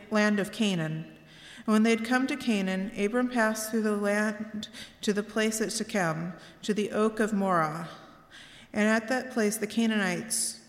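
Female scripture reader, measured and steady, roomy church with long reverb. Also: mid-range voice. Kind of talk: scripture reading. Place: church sanctuary.

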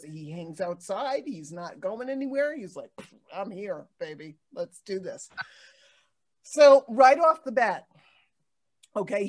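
A woman hosting a casual talk show, telling stories in an animated way with many restarts and fillers. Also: on the low side. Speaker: podcast host. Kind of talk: casual chat.

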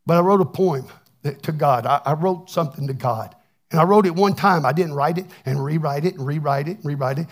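A man's voice: a little high, fairly quick. A man preaching a plainspoken, folksy testimony sermon, often repeating words as he restarts. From Texas. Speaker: pastor.

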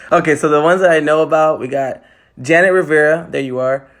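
A man's voice: fairly high pitch, steady tone, brisk, fairly bright tone, roomy sound. A man co-hosting a casual podcast chat, laughing often and swearing casually. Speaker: podcast co-host.

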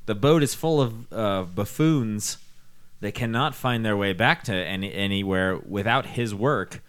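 A man in casual comedic chat with friends, rambling through crude theories, swearing freely and slipping into quick acted-out bits. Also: lowish voice, smooth. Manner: profane, rambling, acts out characters in bits.

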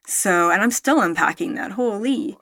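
A woman's mid-range voice, at normal speed in clean studio sound with no echo, tells viewers a personal story in a casual to-camera vlog about spirituality. She rambles emphatically, correcting herself and using plenty of fillers, swears occasionally, and livens up when excited.

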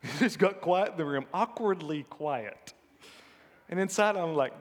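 Folksy preacher. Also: male voice, on the high side, animated, measured pace, in a large hall, noisy background. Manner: folksy storytelling with laughs and acted quotes. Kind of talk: sermon with personal stories.

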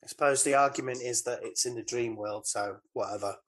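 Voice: medium pitch, a little fast. Co-host in casual chat, rambles through plot, mid-range voice. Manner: rambling, mimics film lines. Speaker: podcast co-host. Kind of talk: casual film recap chat.

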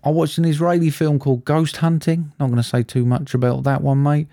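A man's voice: a little high, little pitch movement, a little fast, warm tone, no room sound. A man co-hosting a casual film review podcast, matter-of-fact and dry in manner. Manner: dry, matter-of-fact, says "mate" often. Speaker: podcast co-host.

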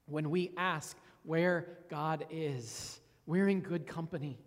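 A man's voice: fairly high pitch, takes it slowly, big-room sound. A man giving a sermon as a pastor, earnest and reflective, often repeating words as he stresses a point.

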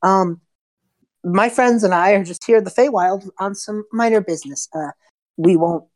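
A man's voice: high-pitched, moderate pace, a little mellow, natural voice. A woman voicing a flustered young male prince in a tabletop game, stammering and gushing with nervous politeness. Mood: awestruck.

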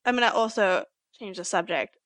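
A woman guest-hosting a podcast in casual chat, giggly and animated as she tells stories. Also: medium pitch, brisk, no echo. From Chicago area. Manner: giggly, chatty, animated storytelling. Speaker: guest co-host.

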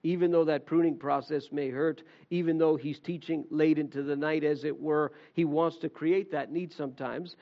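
A pastor preaches a sermon in a high, light male voice. He retells the gospel story with animation and slips into the voices of the disciples. The recording is slightly dull and muffled. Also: steady tone, normal speed, gravelly, few pauses.

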